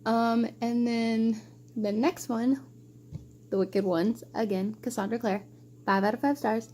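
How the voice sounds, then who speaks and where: Young woman rambling excitedly about books, mellow voice, faint hum behind. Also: on the high side, measured pace. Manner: gushing, emotional, rambling with many likes. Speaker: book vlogger. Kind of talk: casual book wrap-up chat.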